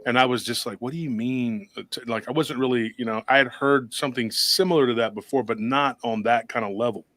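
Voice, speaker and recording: A man's voice: medium pitch, fairly even intonation, a little fast, few pauses, a bit bright, no echo. A man hosting a paranormal talk show, telling a long story in a rambling, casual way with many restarts and acted-out quotes. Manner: rambling, restarts often, acts out quoted voices.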